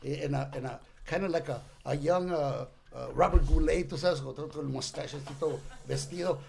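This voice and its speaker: High gravelly older man spinning a yarn. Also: brisk. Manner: animated storyteller who acts out characters and mixes in Spanish slang. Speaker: guest comedian. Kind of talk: comic storytelling on a podcast.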